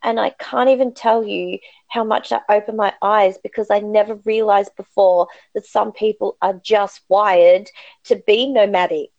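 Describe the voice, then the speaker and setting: A woman's voice: medium pitch, fairly even intonation, moderate pace, creaky, a little mellow, no room sound. Woman, podcast guest, candid storytelling, emphatic and reflective, dry and slightly muffled recording.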